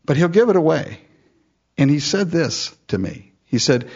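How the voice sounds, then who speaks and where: Husky, lively male preacher. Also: a little high, moderate pace. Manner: animated storytelling, chuckling asides. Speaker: pastor. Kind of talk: sermon. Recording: dull lo-fi recording.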